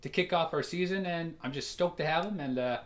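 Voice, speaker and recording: Guy co-hosting a comedy pod, kinda high voice, rambly and giggly, lots of likes and uhs. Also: fairly quick. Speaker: podcast co-host. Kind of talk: casual comedy podcast chat.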